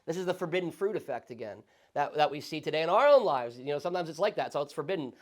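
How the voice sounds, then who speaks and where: Man, pastor, Bible study lesson, quick talker, slightly high voice, animated and chatty. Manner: conversational, animated, frequent tag questions. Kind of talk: Sunday school Bible study teaching.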